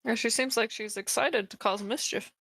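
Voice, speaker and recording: A woman playing a tabletop game, chatting casually and relaxed. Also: a little high, moderate pace, no echo. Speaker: player.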